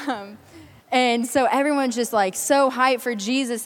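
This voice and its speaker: A woman's voice: a little high, a little slow. An eighteen-year-old woman from the Kansas City area giving an earnest personal faith testimony to a youth conference crowd, chatty and full of ums. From Kansas City area, US Midwest. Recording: long hall reverb.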